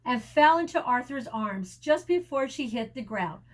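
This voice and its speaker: A woman teacher reading a picture book aloud to children, pausing often to explain words and adding sound effects and asides. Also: fairly high pitch, expressive.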